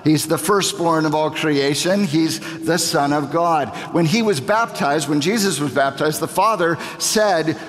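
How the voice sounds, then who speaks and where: A man in his thirties preaching a sermon as a pastor, slow and emphatic, building to impassioned repetition. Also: a little high. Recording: reverberant hall.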